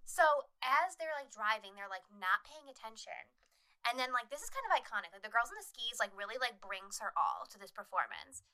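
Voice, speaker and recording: A woman co-hosting a podcast, recapping a horror movie in casual chat, swearing often and acting out scenes in quick voices. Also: on the high side, very animated, sharp tone. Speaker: podcast co-host.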